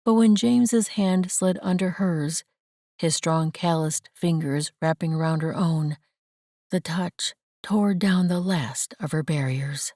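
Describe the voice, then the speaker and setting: A woman narrates an audiobook in a gentle, measured way, her voice on the lower side. She reads unhurried, close to the mic, in a dry booth with no echo. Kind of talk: scripted narration.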